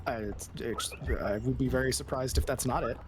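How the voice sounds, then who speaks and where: A man's voice: mid-range voice, fairly quick, background noise. A man chatting casually on a game stream, chuckling often and patiently explaining puzzles. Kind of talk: casual gaming chat.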